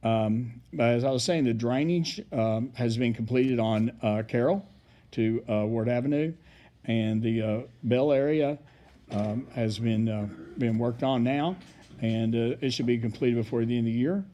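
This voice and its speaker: A man delivers a city council report in a mellow, warm voice at an everyday pitch. He rambles and halts, his sentences full of fillers. He reads through the items in a plain, practical way. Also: a little slow, highs cut off. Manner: rambling, hesitant, many fillers. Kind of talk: public meeting report.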